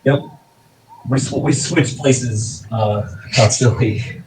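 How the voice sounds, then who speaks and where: A man's voice: mid-range voice, slow, a little mellow, slight background noise. Casual man at a distance in a roomy space. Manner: casual, hesitant with restarts. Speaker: player. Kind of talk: casual tabletop play. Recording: roomy sound from away from the mic.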